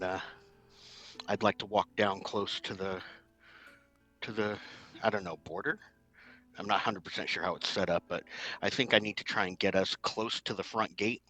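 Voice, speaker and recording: A man with a very deep yet bright, forceful voice plays a tabletop game, choosing formal, wordy phrasing between hesitant ums. Faint music runs underneath. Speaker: player. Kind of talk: casual tabletop game play.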